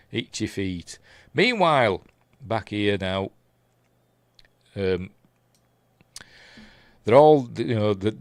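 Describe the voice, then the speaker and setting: A man with a Yorkshire accent, his voice going hoarse, rambling through a live casual episode recap with lots of ums and asides. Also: on the low side, no echo. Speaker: streamer reviewing TV episodes.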